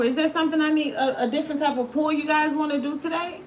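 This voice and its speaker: A woman hosts a casual tarot livestream. Her voice sits a little high, and she tells stories in an animated way and repeats herself often. A faint noise hums under the recording. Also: fast. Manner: animated storytelling, repeats phrases, talks to viewers. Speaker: tarot reader livestream host.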